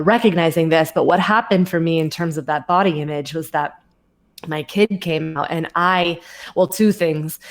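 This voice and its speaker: Woman in her 30s, fitness coach, candid story, keeps restarting and repeating for emphasis. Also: mid-range voice. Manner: many restarts and fillers, emphatic repetition.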